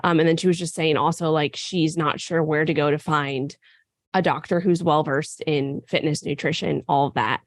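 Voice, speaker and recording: A woman co-hosting a fitness podcast, sick and raspy, explaining at length in casual chat with frequent fillers. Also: low voice, fairly even intonation, normal speed, dry recording, studio quality. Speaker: podcast co-host and nutrition coach.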